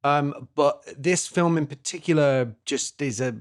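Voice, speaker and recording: A man co-hosting a podcast in casual chat, talking haltingly with many fillers and restarts. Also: on the high side, smooth. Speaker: podcast co-host.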